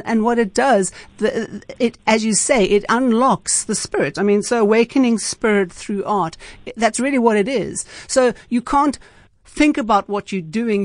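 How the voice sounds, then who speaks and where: Host: woman, conversational, halting restarts, dry close sound, mid pitch. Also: no echo. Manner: hesitant, many restarts and fillers, affirming. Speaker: interviewer, host. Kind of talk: conversational interview.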